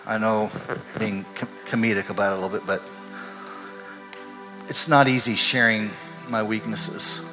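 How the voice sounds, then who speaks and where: An older man, a pastor, telling a candid and emotional personal story in a sermon, animated as he goes. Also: fairly low pitch, normal speed, pauses often, music in the background. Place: church sanctuary. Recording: echoey hall.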